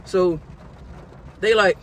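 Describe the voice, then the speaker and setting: A man's voice: sits high, very slow, a little hiss or hum. A man telling a casual story-time tale for his vlog in a slangy way, full of "you know what I'm saying.". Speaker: vlogger.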